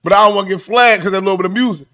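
A man hosting a comedic news commentary show, animated, profane and mocking as he reacts to clips. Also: high-pitched, rapid-fire.

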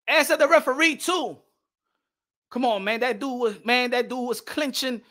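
A man's voice: extremely high pitch, measured pace, sharp tone. A man from New York ranting heatedly as a boxing commentator, switching between English and Spanish in a mocking way. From New York City.

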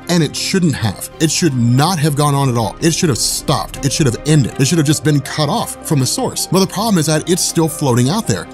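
A man recapping a comic story in casual commentary, excitable, often repeating words and restarting phrases, and quoting characters in a raised voice. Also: a little high. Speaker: comics explainer host.

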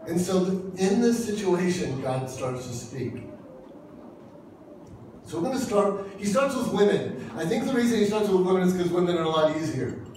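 This pastor, in his fifties, has a high voice with lively intonation, a moderate pace and a darkish tone, and there's a little hiss or hum on the recording. He jokes through a humorous sermon, performing small dialogues in different voices, captured from a distance in a very echoey church hall.

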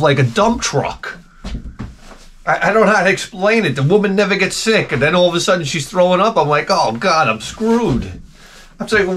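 A man's voice: fairly high pitch, fairly bright tone, a little hiss or hum. A middle-aged man telling rambling, self-mocking stories with casual swearing as a video host.

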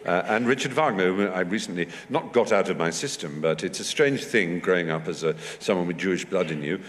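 Fairly quick and full of life, an English man in his fifties entertains a large festival hall as a guest speaker, acting out quotes in high, squeaky voices. The sound is echoey, typical of a hall recording.

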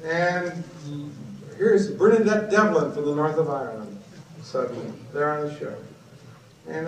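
A man giving an animated, blunt storytelling speech at a book conference. He swings from low asides to loud shouted outbursts. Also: a little slow, far from the mic, a little hiss or hum. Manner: blunt and profane. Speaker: guest speaker at a book conference. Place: conference hall. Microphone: PA system taped from the audience on a cassette recorder. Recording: echoey hall, taped from the audience on cassette.

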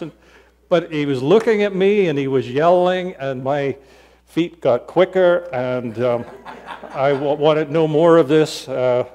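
Slow-spoken pastor, storytelling. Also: male voice, fairly high pitch. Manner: storytelling, animated, acts out voices. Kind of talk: sermon.

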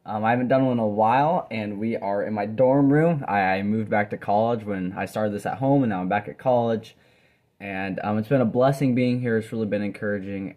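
A man's voice: on the low side, fairly quick, narrow, tinny audio. A young man, a Bible college student, giving an earnest, rambling devotional talk from his dorm room, with frequent restarts and fillers. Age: young adult. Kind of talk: casual devotional talk to camera.

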